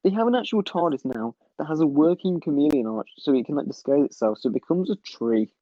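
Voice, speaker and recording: A man's voice: on the high side, expressive, brisk, dark tone, dry recording, lo-fi sound. A man co-hosting a podcast, chatting casually, swearing freely and laughing at his own jokes. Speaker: podcast co-host. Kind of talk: casual chat.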